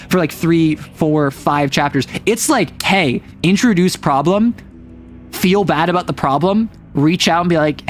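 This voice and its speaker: A male streamer chatting casually and recapping a story in a lively, rambling flow, leaning on fillers and restarts as he goes. His voice sits somewhat high for a man. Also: a little slow, faint music behind. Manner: animated, rambling, many fillers. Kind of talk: casual chat.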